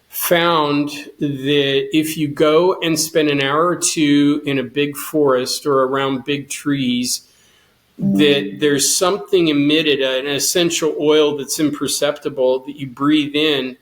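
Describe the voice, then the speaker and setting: A man's voice: a little high, fairly bright tone. Earnest middle-aged man telling his story. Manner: earnest storyteller acting out dialogue. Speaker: guest. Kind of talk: storytelling interview.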